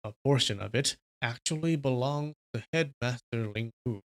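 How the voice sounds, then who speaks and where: A smooth male envoy from a rival sect, speaking low and soft to coax someone into accepting gifts, as a man reading a story puts him on. His voice drops a little below a plain reading voice. It is a livestream storybook reading. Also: normal speed, close to an everyday voice.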